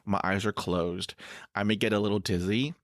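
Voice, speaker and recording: Brief: middle-aged male host who stutters, deep, unhurried, lots of fillers, recorded dry. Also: steady tone, no room sound. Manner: stutters with blocks and repeated sounds; many "you know" fillers, laughs easily. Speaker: podcast host. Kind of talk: casual conversational interview.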